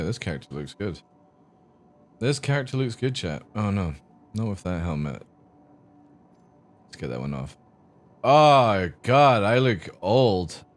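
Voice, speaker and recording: A man livestreaming a game, chatting casually with viewers in a crude, joking, rambling way. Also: lowish voice. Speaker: gaming streamer. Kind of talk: casual live-stream chat.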